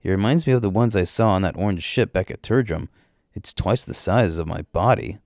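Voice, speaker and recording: Gravelly deep-voiced male storyteller. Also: fairly quick, a little mellow, no echo, studio quality. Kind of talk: first-person story narration.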